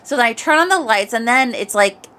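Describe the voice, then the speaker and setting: A female podcast host, speaking into a microphone, tells a casual anecdote with lots of animation and expression. Her voice sinks to low mutters and climbs to shrieks, and she talks a little fast.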